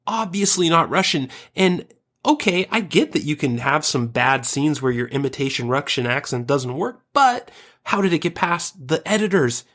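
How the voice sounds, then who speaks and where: A man co-hosting a casual podcast, joking crudely and turning over theories out loud. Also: fairly high pitch. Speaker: podcast co-host.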